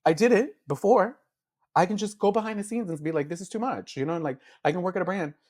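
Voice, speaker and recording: He's a beauty influencer, a man sitting as an interview guest, and his voice is high, fast and a touch mellow. The talk is candid and emotional: he tells his story heartfelt, full of fillers, dramatizing what he used to think.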